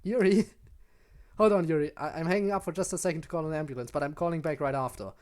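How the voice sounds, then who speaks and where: A woman's voice: sits low, fast, a little mellow, lightly acted. A woman reading a worried friend's lines from a game, urgent and pleading. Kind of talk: reading game dialogue aloud.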